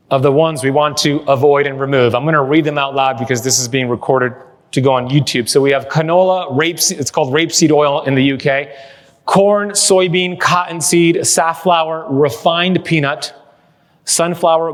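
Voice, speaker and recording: A somewhat high-voiced man delivers a lively keynote to a live crowd, mixing jokes into his storytelling. His voice rings out with the long reverb of a big hall. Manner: energetic, joking storyteller. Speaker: keynote speaker. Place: large hall with live audience.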